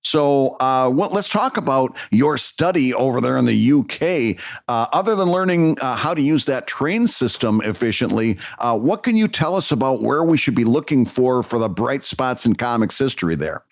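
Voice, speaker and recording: A man at a mid pitch, with a lively melody, co-hosts a podcast and reads out listener questions. Between his partner's stories he answers with short agreeing replies. His voice is recorded close and dry. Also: normal speed, gravelly, dry recording. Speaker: podcast co-host. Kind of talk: casual podcast chat.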